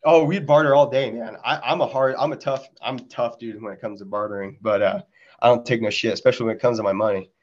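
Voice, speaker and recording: A man in a relaxed podcast chat, recounting his Marine days in an easygoing, profane way. His voice sits at an ordinary male pitch. The audio is dull and lo-fi. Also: fast talker. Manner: laid-back, swears freely, says dude a lot. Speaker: podcast guest, Marine veteran. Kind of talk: casual storytelling chat.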